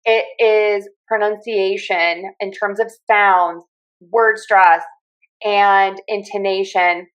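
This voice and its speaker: A woman from Western Pennsylvania with a softened Pittsburgh accent, hosting a podcast and talking alone in a clear, measured, instructive way. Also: mid-range voice, steady tone, low-quality recording. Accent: Pittsburgh, softened by years in other US regions. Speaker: podcast host and communication coach. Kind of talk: solo podcast talk.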